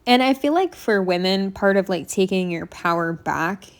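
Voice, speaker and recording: A woman's voice: mid-range voice, lively intonation, normal speed. A young woman in a casual home voice-over for her makeup tutorial, chatty and rambling with lots of fillers, sounding slightly out of breath. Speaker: makeup vlogger. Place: home apartment room.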